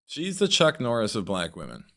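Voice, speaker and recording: A man's voice: mid-range voice, huge pitch swings, normal speed, a bit bright. A man hosting a podcast, trading crude jokes in casual chat. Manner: crude, joking banter. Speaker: podcast host.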